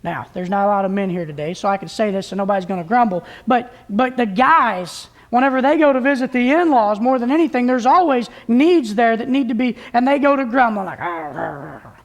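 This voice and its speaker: Woman preacher, somewhat high voice, talks to the congregation in a relaxed, homespun way and restarts her phrases often. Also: a little fast, hardly any pauses. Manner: plain-spoken, folksy, with frequent restarts. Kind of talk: conversational sermon. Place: church service.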